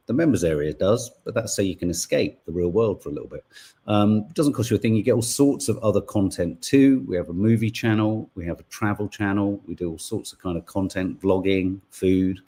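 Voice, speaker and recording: Sarcastic man with a husky voice. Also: sits low, moderate pace, mellow. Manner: sarcastic, exasperated, rambling with many fillers. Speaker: podcast co-host. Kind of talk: casual opinion podcast monologue.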